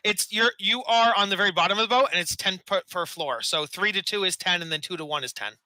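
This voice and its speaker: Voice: medium pitch, fast, sharp tone, dry recording, rough recording. A game master running a tabletop game, hesitant and full of ums, often laughing.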